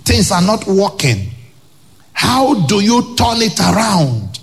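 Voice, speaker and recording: A male pastor with a Nigerian English accent preaching a sermon to a congregation, emphatic, with loud rhetorical questions and pidgin asides. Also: high-pitched, very animated, takes it slowly, creaky, husky.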